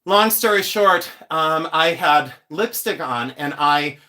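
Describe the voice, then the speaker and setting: A man's voice: a little high, lively intonation, takes it slowly, pushed and bright. Chatty joking man in his fifties. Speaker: host. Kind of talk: casual live-stream chat.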